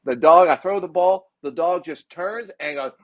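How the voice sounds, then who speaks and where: A man hosting a podcast, telling stories in casual chat with lots of swearing and an animated delivery. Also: sits high, normal speed, narrow, tinny audio, background noise. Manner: profane, animated storyteller. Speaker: podcast host.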